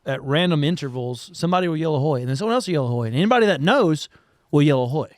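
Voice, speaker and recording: Man, guest musician, lively storyteller, slightly high voice, dry close sound. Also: very fast, no room sound. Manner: animated storyteller, laughs often, swears freely. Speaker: band frontman and guest. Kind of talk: casual storytelling chat.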